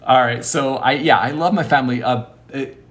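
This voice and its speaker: A man's voice: medium pitch, moderate pace, fairly bright tone. A male comedian telling a rambling, self-mocking stand-up story, acting out the people in it.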